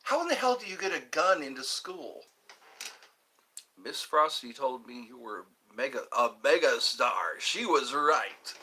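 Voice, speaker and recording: Very animated yet unhurried, a middle-aged man from Georgia, US Deep South, talks at a medium pitch with a bright, forceful tone. He hosts a casual livestream, reminiscing at rambling length and responding to viewers in the chat.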